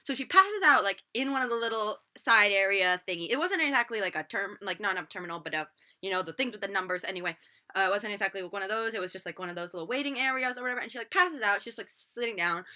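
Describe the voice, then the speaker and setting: Fast-talking young woman telling a story. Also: mid-range voice, animated, sharp tone. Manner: rambling, swears a lot, constant filler words. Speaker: vlogger. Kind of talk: storytime vlog. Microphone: laptop built-in mic.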